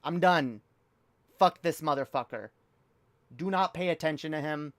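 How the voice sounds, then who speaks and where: A woman's voice: low voice, moderate pace, no room sound. A woman streaming a reaction video, ranting heatedly and profanely with frequent restarts. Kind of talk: livestream rant.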